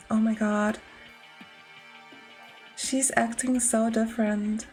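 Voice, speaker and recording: A woman's voice: mid-range voice, a little slow, a little mellow, soft background music. A young woman streamer chatting casually and giggling while she plays a game and answers chat. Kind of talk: casual let's-play commentary.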